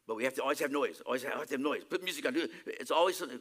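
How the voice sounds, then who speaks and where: A male preacher giving a sermon, emphatic, swinging between loud exclamations and quiet asides. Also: mid-range voice, racing.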